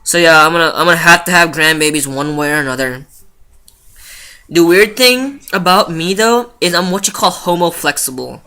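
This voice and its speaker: Bright-voiced teenage guy chatting. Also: on the high side, moderate pace. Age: late teens. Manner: chatty, rambling, swears freely, lots of fillers. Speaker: vlogger. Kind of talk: casual confessional vlog.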